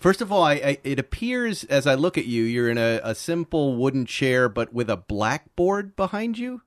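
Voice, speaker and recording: A man's voice: mid-range voice, normal speed, few pauses, dry recording. Chatty male podcast host, dry sound. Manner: chatty, animated, laughs often. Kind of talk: casual chat with sponsor read. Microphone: video call.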